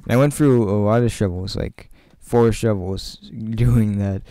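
Mellow-voiced man chatting over gameplay. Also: on the low side, measured pace, no room sound. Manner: chatty, jokey, laughs often; rambling, talks to viewers directly. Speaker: gaming channel host. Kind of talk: casual gameplay commentary.

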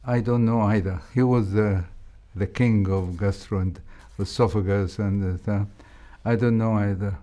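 Slow, mellow older man with an Egyptian accent. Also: fairly low pitch, fairly even intonation. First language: Arabic. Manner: slow, measured, with frequent hesitations. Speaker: interview guest, heart surgeon. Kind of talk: reflective interview storytelling.

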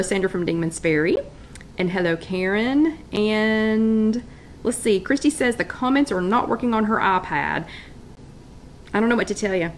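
A woman's voice: mid-range voice, slight background noise. A woman hosting a casual live online chat, greeting viewers by name and reading their comments aloud.

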